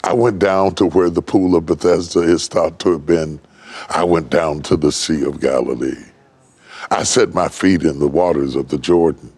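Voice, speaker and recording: An older man from West Virginia preaching a sermon, building from low, slow telling to high, ringing shouts. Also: breathy edge. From West Virginia, United States. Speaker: pastor.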